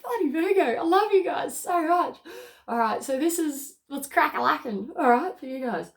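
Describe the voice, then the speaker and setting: Australian woman, has a cough, bubbly card reader, high voice, very lively pitch. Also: normal speed, vocal fry. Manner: bubbly, laughs often, Aussie slang. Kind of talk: casual spiritual reading.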